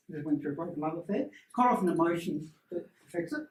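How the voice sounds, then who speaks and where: Man leading a workshop, lively and animated, recorded from across an echoey room. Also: high-pitched, quick pace, few pauses. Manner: animated storyteller who acts out voices. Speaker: energy healing workshop presenter. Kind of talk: casual teaching talk to a small group. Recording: roomy, distant room mic.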